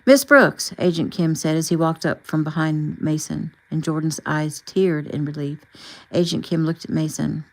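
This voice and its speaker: Gravelly-voiced woman reading an audiobook. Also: sits low, flat delivery, moderate pace, a little mellow, low-quality recording. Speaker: audiobook narrator. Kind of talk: audiobook narration.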